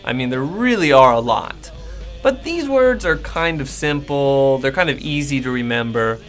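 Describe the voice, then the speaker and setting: An American man, an English teacher, gives a casual lesson straight to the camera and acts out sample replies in a friendly, animated way. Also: medium pitch, normal speed, faint music behind. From United States.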